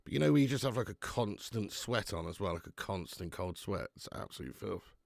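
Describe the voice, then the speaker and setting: A man's voice: lowish voice, animated, fairly quick, vocal fry, no room sound, studio quality. A man hosting a live football watch-along, sick with flu, talking bluntly and swearing as he banters with viewers. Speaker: football fan channel host.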